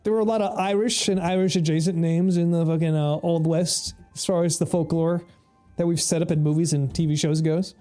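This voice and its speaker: A man's voice: a little high, fairly even intonation, brisk, warm tone. A man giving casual, rambling gameplay commentary as a streamer, swearing freely and laughing often, with faint music behind him. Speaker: game streamer.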